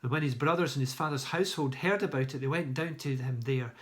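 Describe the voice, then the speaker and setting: A man's voice: mid-range voice, fast talker. A man from a church reading a Bible story aloud, adding plain storytelling asides as he goes. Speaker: church leader.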